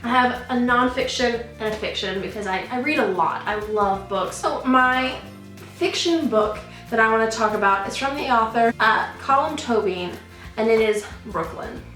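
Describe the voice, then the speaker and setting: A woman's voice: on the high side, normal speed, fairly bright tone. A young woman vlogging in a casual, gushing, rambling way, often correcting herself. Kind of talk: casual chat. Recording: roomy echo, mic at a distance, faint music.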